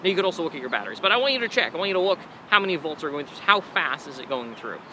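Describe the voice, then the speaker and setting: A man's voice: fairly high pitch, big pitch swings, very fast, pushed and bright. Chatty male teacher in street noise. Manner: chatty, digressive, playful asides. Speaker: science teacher. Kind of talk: casual science lesson.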